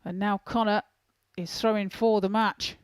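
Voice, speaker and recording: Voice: mid-range voice, flat delivery, measured pace, clear, resonant tone, no room sound. A darts co-commentator talking live, chatty and joking with the main commentator. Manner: chatty, jokes with partner.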